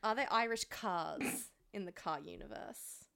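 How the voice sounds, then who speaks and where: Bright, laughing woman. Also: medium pitch, measured pace, creaky, clear, resonant tone. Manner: laughs often, swears freely, playful. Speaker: podcast co-host. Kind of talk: casual chat.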